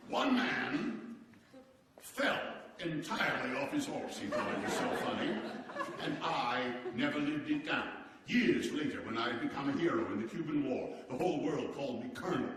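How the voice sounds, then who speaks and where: A man playing a hearty, boastful statesman from the turn of the century, telling stories to a seated audience in a theatrical, animated way with chuckles. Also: medium pitch, normal speed, a crowd in the background, natural voice. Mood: genial. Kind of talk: live historical character monologue. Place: large hall with a seated audience. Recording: echoey hall, distant mic.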